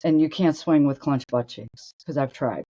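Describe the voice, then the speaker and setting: A woman's voice: sits low, moderate pace, mellow. Brash storytelling older woman, lo-fi sound. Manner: brash, blunt, acts out voices in anecdotes. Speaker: co-host and former tour golfer. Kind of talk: animated storytelling.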